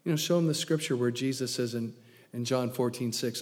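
Animated preacher in a reverberant hall. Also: male voice, mid-range voice, fairly quick. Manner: animated storytelling, acting out quotes, swings from loud to hushed. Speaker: pastor. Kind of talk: sermon.

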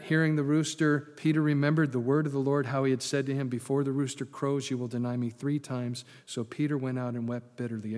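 A man preaching a sermon as a pastor, telling the story with lively, sarcastic asides. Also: medium pitch, in a large hall.

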